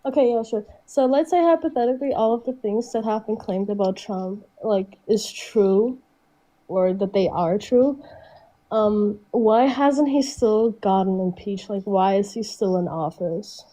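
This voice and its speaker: Slow, hesitant stuffy teenage girl. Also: mid-range voice, dark tone, poor audio. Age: teens. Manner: hesitant, filler-heavy. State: stuffy, sick. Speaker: caller. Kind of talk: casual call-in debate.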